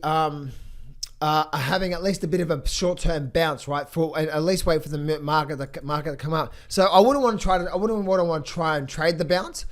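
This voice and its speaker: Hoarse, high-voiced man, emphatic and blunt. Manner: emphatic, blunt, swears freely. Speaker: trading coach. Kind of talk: motivational vlog and market commentary.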